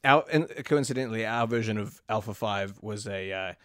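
A man's voice: on the low side, fairly quick, a bit bright, clear, resonant tone, no room sound, clean studio sound. A man in his thirties co-hosting a casual chat, making jokes in easygoing banter. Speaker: podcast co-host.

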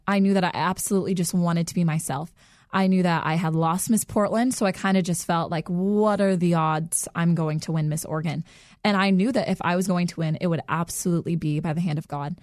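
A woman's voice: on the low side, darkish tone, no room sound, studio quality. Earnest young woman, heartfelt guest. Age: young adult. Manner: earnest and heartfelt, laughs between sentences. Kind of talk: interview answers, personal story.

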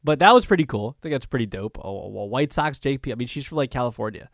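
Talking fast and sounding animated, this podcast host covers sports on his own in a casual, conversational way, full of fillers and restarts. His voice is medium-pitched, recorded dry with a clean studio sound.

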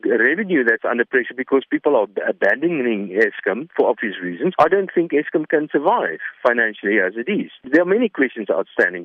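A South African man speaking as an economist, blunt and emphatic, often breaking off and restarting his phrases. He talks quickly at an ordinary pitch. The sound is thin and tinny, as if down a phone line, with no room echo. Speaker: economist guest. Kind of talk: phone-in radio interview. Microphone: telephone.

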